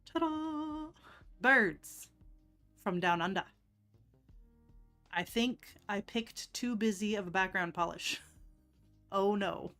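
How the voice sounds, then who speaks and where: Woman, mid-pitched voice, chatty nail art streamer, laughs a lot, faint music behind. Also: slow pace, pauses often, a bit bright, clean tone. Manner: chatty, laughs often, self-deprecating. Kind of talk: casual live-stream chat.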